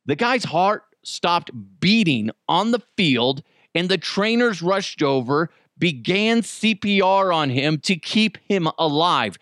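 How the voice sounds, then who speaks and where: A man hosting a solo commentary show, ranting with heavy swearing and swinging between loud outbursts and low muttered asides. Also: lively intonation, slow, few pauses, dry recording, studio quality. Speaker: show host.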